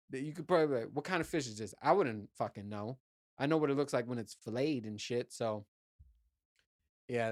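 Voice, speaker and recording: A man's voice: medium pitch, no room sound, clean studio sound. A man hosting a podcast, telling a rambling, profane story in a casual chat with his listeners and laughing at himself. He grew up in Puerto Rico. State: ears still clogged after diving. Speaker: podcast host.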